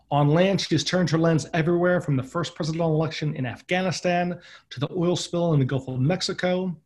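Man, podcast host, emphatic upbeat delivery, slightly high voice. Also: a little mellow. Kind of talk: scripted intro then casual interview.

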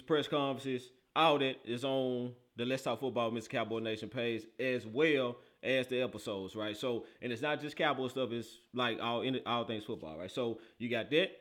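A man's voice: medium pitch, a bit bright. A man hosting his football talk show, hyped and playful, with easy slang and a casual patter. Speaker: podcast host. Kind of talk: casual chat.

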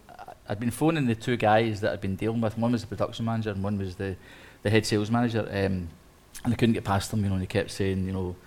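A man, an interior designer, telling a lively story on a live panel, acting out quotes with many restarts. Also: fairly low pitch, fast talker, few pauses. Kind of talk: anecdote on a live panel talk.

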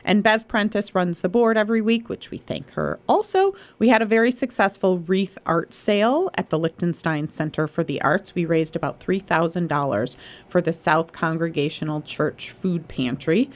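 A woman's voice: on the low side, moderate pace. A woman hosting a local radio show, chatting casually and enthusiastically with her guest. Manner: chatty and enthusiastic, thanks people.

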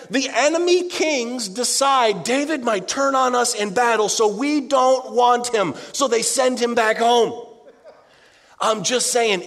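Male preacher, sermon, dramatic, loud bursts and hushed drops, high voice. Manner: dramatic, swings from loud outbursts to hushed low delivery. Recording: long hall reverb.

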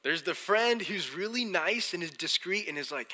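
A man preaching to his congregation in a big, echoing church hall. His voice is very bright and forceful, and his tone swings between animated storytelling with acted-out lines and slow, deliberate scripture reading. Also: high voice. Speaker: pastor. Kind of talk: sermon. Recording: long hall reverb.

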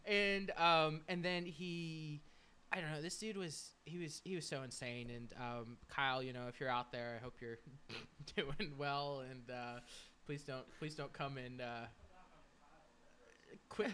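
A man's voice: fairly high pitch, fairly even intonation, unhurried, bright, forceful tone, slight background noise. A young man hosting a podcast, chatting casually and telling rambling, profane stories, often mimicking coworkers. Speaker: podcast host. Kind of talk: casual chat.

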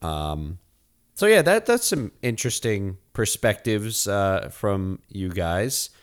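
Low, smooth-voiced man chatting. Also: sing-song, takes it slowly. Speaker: podcast co-host. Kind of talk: casual comedic chat.

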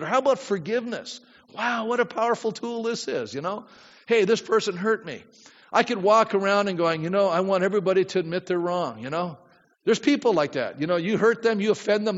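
A man's voice: sits high, in a large hall, highs cut off. A man pastor preaching a sermon in a conversational way, often asking the congregation questions.

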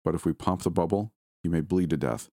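A man's voice: low voice, creaky, a little mellow, no echo, clean studio sound. A man doing a grave, somber doctor. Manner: measured, somber. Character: grave male hospital doctor, calm and somber.

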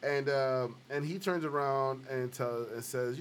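A man of ordinary pitch hosts a casual live podcast, telling a work story with energy and frequent laughs. He acts out the people in his story as he goes. A faint hiss of noise sits behind him. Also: a little slow. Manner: animated storyteller, acts out quoted voices, laughs often. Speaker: host. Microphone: live stream recording.

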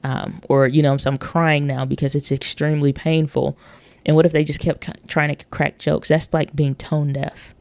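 Gravelly-voiced woman rambling on a podcast. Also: low-pitched, little pitch movement, moderate pace, a little mellow, dry recording. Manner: rambling with many fillers and restarts; acts out quoted voices in storytelling. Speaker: podcast host. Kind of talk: casual monologue on marketing.

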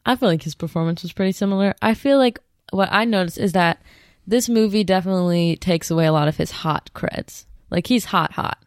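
A young woman chatting casually about a movie on a podcast, playful and quick to laugh. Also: lowish voice, no room sound, studio quality. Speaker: podcast panelist.

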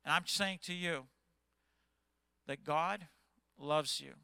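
Impassioned bright-voiced pastor in his fifties. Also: a little high, slow, vocal fry, smooth, no echo. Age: 50s. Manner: impassioned, agitated preaching. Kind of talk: sermon.

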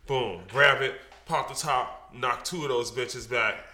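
A man with a bright, forceful voice spins a loose, profane story among friends. His delivery is animated and casual, full of swearing and little exclamations. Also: medium pitch, a little slow, echoey room. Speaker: podcast co-host.

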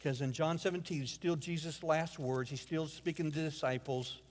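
Guy preaching a sermon, kinda high voice, goes quiet then loud, big reverby church hall. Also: steady tone, moderate pace, slight background noise. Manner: emotional storytelling, swings from hushed to loud exclamations. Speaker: guest preacher. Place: church sanctuary.

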